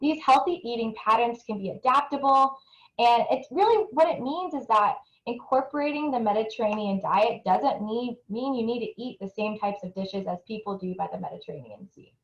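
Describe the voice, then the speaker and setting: Woman, young adult, webinar presenter, fairly high voice, earnest explanations, restarts phrases. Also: fairly quick, roomy sound, muffled recording. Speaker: nutrition researcher presenting a webinar. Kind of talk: presentation talk with audience poll.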